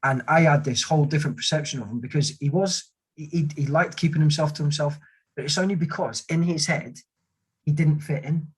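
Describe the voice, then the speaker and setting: In a low-quality recording, an army veteran with a slightly high, slightly rough voice tells meandering stories in casual conversation. He talks a bit fast and mimics the voices of the people he quotes.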